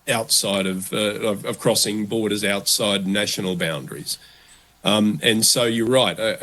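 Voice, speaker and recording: A man who is a guest in a business podcast interview, speaking in an animated way and acting out quoted thoughts. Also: on the low side. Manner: animated, acts out quoted voices. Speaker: guest, relocation consultant. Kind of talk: conversational interview.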